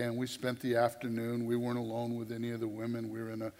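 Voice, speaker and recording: A man preaching a sermon through a story, animated and conversational, often repeating his words. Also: medium pitch, fast talker. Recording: long reverb of a large hall.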